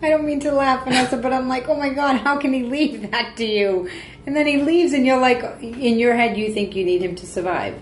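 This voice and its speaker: A woman's voice: high voice, fairly quick. A woman hosting a podcast, interviewing her guest with empathetic remarks and steering interjections. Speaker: podcast host. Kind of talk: interview conversation. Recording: echoey room.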